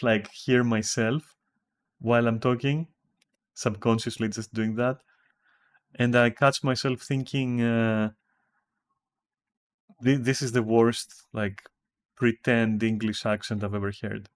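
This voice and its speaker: A man's voice: medium pitch, flat delivery, slow, pauses often. A man with a Greek accent chatting casually with viewers while streaming a game from home, rambling and swearing casually. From Greece.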